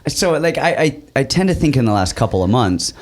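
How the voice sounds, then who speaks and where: A man's voice: mid-range voice, sing-song, a little fast. A man who hosts a podcast and used to fight, chatting casually and telling rambling, self-deprecating stories with frequent laughs. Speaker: podcast host and former fighter. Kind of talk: casual chat.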